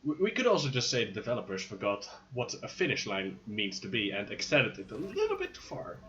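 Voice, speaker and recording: A man's voice: medium pitch, wildly swooping pitch, brisk, bright, forceful tone, lo-fi sound. A man commentating his own speedrun live, playful and hyped, with jokey asides.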